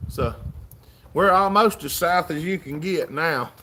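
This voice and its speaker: A man's voice: on the high side, unhurried, sharp tone, a little hiss or hum. A man with a Southern US accent hosting a casual livestream, reading out viewer comments in a folksy, drawling way. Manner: folksy, drawling, reads chat aloud. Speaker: livestream host.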